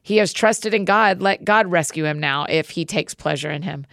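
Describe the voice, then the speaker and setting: A woman's voice: fairly low pitch, moderate pace, vocal fry, a bit bright, no room sound, clean studio sound. A woman voicing a crowd of mocking men, taunting in a scornful tone.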